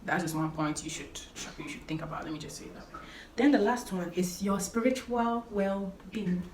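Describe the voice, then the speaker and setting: A woman's voice: medium pitch, normal speed, a little mellow. Earnest young woman, roomy echo. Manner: earnest and emphatic, repeats key phrases. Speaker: vlogger giving life advice. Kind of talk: casual talking-to-camera advice. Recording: roomy echo, faint background noise.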